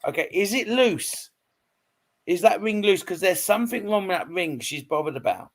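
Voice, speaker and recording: Brief: male medium, slightly high voice, hesitant, repeats himself, keeps checking in. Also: sing-song, normal speed. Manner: hesitant, repetitive, reassuring, frequent "okay?" checks. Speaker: psychic medium. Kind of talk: live online reading.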